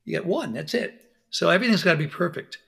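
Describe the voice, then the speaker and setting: Animated storytelling man, bright higher voice. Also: fast, vocal fry. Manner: animated storyteller, acts out quotes. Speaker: podcast guest, dentist. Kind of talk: conversational interview.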